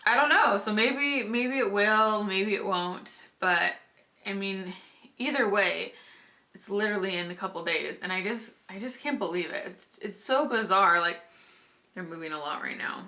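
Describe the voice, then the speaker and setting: A woman's voice: medium pitch, moderate pace, bright, forceful tone. A young pregnant woman chatting casually to camera in a vlog, rambling with lots of "like" and little laughs. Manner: chatty, lots of "like" and restarts, laughs while talking. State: heavily pregnant. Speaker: vlogger.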